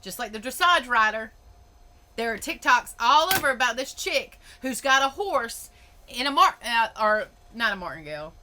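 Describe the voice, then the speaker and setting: A woman's voice: on the high side, sing-song, normal speed, background noise. A woman hosting a podcast, ranting in a blunt, emphatic way and swearing freely. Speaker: podcast host. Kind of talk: opinionated podcast monologue.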